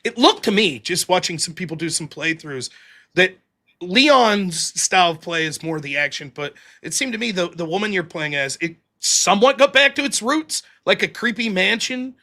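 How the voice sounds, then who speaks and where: Swearing freely and telling stories with lots of animation, a man hosts a casual podcast chat. His voice sits high and he speaks at a normal speed.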